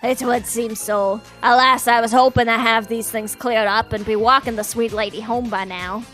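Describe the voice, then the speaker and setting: A woman putting on a suave gentleman dove with a French lilt. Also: a little high, steady tone, normal speed, soft background music, natural voice. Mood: smooth courtly. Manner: courtly, with a put-on French accent. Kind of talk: live-streamed game reading.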